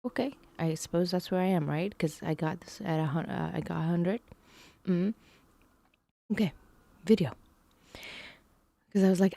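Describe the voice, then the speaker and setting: A woman's voice: on the low side, moderate pace, creaky, pauses often, mellow, no echo. A woman live-streaming herself working through math lessons, musing aloud in a hesitant way and sometimes dropping to a whisper.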